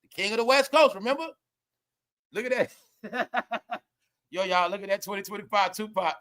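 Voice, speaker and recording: A young man hosting a live gossip commentary stream, loud and laughing, often calling out to viewers. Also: high-pitched, normal speed. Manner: loud, laughing, repetitive, addresses viewers as y'all. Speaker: commentary host.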